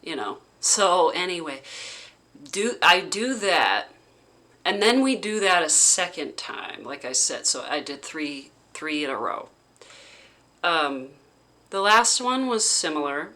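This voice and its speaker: A woman vlogger recounting a personal experience in casual, halting speech full of "like" fillers. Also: on the low side, big pitch swings, sharp tone.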